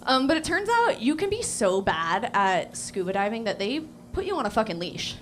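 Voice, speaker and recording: A woman's voice: a little high, very animated, moderate pace, slight background noise. A young woman doing a crude, self-mocking stand-up set on a small cafe stage, with lots of fillers. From Portland, Oregon. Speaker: stand-up comedian.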